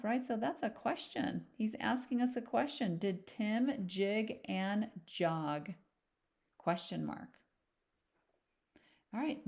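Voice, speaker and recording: A woman teaching young children to read, patiently sounding out letters and words one at a time in a slow, gentle phonics lesson. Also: medium pitch, creaky. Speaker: reading teacher.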